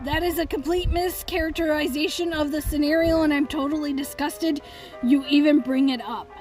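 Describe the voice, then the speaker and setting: A woman voicing a short-tempered, foul-mouthed young male troll in a raspy voice, during a live game reading with music behind. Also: high voice, fairly even intonation, normal speed, natural voice. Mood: indignant. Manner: shouting insults, exasperated.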